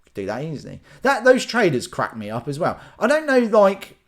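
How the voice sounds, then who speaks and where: A man's voice: a little high, wildly swooping pitch, a little fast. A young man ranting casually in a solo vlog, rambling and acting out little scenes in silly voices. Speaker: vlogger.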